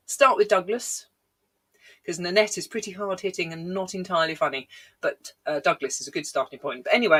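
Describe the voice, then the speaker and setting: A woman's voice: low voice, a bit bright. A middle-aged woman from Britain, a comedian rambling through a chatty, self-deprecating live-stream set with plenty of ums and laughs.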